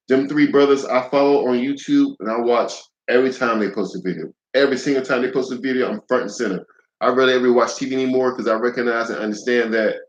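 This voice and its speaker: A man's voice: medium pitch, dull audio. Profane, heated man in an echoey room. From United States. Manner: blunt, profane and heated, with repeated restarts. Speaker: vlogger. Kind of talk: ranting monologue to camera.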